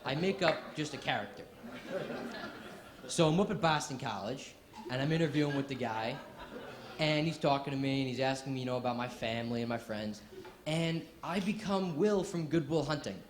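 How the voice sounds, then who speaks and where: A man's voice: medium pitch, moderate pace. A sixteen-year-old boy doing stand-up comedy in a club, telling stories with put-on voices. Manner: animated storytelling with put-on voices. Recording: roomy club with audience noise.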